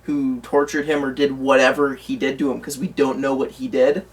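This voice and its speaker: A man's voice: mid-range voice, little pitch movement, moderate pace, far from the mic, a little hiss or hum. A man co-hosting a casual movie news chat, rambling with lots of fillers and restarts. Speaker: co-host. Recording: voice from away from the mic.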